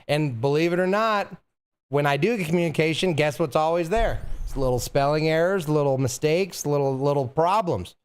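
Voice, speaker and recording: A young man streaming from home, chatting casually with his viewers in an animated, teasing way and laughing often. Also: on the high side, moderate pace, clean tone. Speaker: streamer reading chat. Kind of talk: casual live-stream chat.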